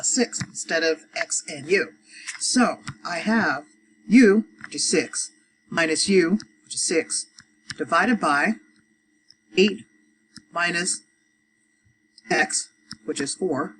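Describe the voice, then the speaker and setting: A woman walks learners through a math problem one step at a time. She counts out loud, pauses often, and talks in an easy, unhurried way. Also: lowish voice, a little hiss or hum, poor audio. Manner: talks through each step, counts aloud, frequent fillers. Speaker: adult education math teacher.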